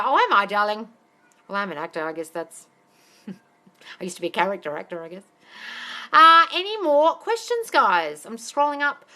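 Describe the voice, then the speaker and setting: Her voice is lowish and expressive, a little fast but broken by long pauses, with a sharp edge. She's a non-American woman coaching manifestation on a live stream, answering questions bluntly, swearing often and calling listeners darling.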